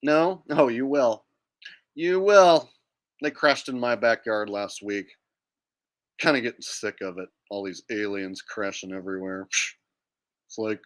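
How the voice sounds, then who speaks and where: A livestream host talks casually in a sarcastic, mocking tone, sometimes imitating people in silly voices. His pitch is fairly low, and he speaks unhurriedly with long pauses.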